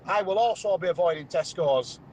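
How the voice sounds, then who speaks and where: A man's voice: high voice, brisk, a little mellow, slight background noise, rough recording. A man, a radio caller from Barnsley, speaking bluntly and indignantly in a voice note. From Barnsley, England.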